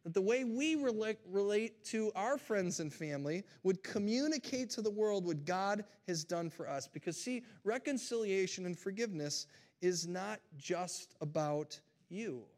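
A man with a high voice preaches to his congregation in a church. He tells the story with lively energy and keeps turning to the listeners with questions. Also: normal speed. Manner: animated storytelling, talks straight to the congregation. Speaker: pastor. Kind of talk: sermon.

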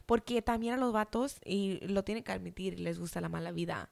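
A woman's voice: medium pitch, fast talker, vocal fry, a little mellow. Casual bilingual woman, swearing freely. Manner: swears freely, switches between English and Spanish. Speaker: podcast co-host. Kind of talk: casual chat.

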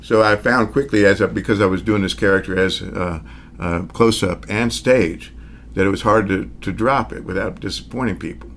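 Older man, Southern accent, low voice, relaxed, chuckling, faint background hum. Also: moderate pace. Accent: Southern American. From American South. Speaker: magician. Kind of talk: casual interview.

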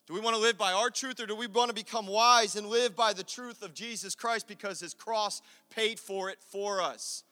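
A man preaching a sermon as pastor, swinging from quiet asides to loud, drawn-out calls. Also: sits high, steady tone, soft background music. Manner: preaching with dramatic swings of volume and acted quotes. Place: church sanctuary. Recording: echoey church hall.

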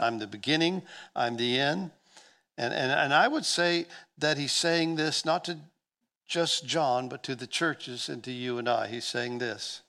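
A man delivering a sermon in an earnest preaching voice of middle pitch. He swells to loud, pressing passages and drops back to soft, intimate ones. He often stumbles and repeats words as he builds. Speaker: pastor.

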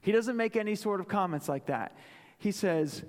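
A male pastor with a fairly high voice delivers a sermon, pressing points home with repeated phrases. He drops suddenly to a near hush to land key moments. His words ring out with a long tail of reverb in a large church hall. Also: animated, normal speed. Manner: dramatic, drops to a hush for emphasis.

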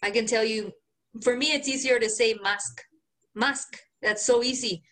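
A woman from Mexico co-hosting a podcast in casual chat, a little tipsy, talking in an animated way with plenty of swearing. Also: fairly high pitch, normal speed. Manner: animated, swearing, laughing often. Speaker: podcast co-host.

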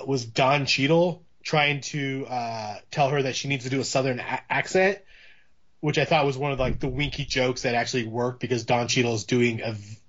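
A man co-hosting a casual movie podcast, rambling with many restarts as he talks through a film. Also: mid-range voice. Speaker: podcast co-host. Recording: dull lo-fi audio.

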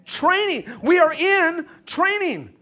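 High-voiced animated male preacher. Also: slow pace. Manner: animated preacher, calls out to congregation. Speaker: pastor. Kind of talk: sermon.

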